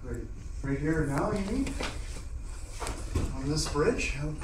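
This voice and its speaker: A man's voice: on the high side, sing-song, slow. A man playing a rambling young private. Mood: incredulous. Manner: rambling, full of uh and restarts. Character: nervous young male private, reassuring. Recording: echoey, distant, noisy.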